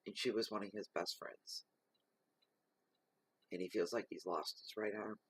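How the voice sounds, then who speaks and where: A man giving a slow, reflective spoken tarot reading, reading card keywords aloud. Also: on the low side, fairly even intonation, a bit bright, husky, no echo. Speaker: tarot reader.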